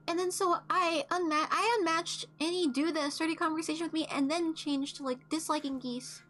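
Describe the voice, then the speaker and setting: A woman's voice: extremely high pitch, steady tone, moderate pace, hardly any pauses, fairly bright tone, soft background music. A young woman streaming a game while telling stories in a blunt, profane, casual way.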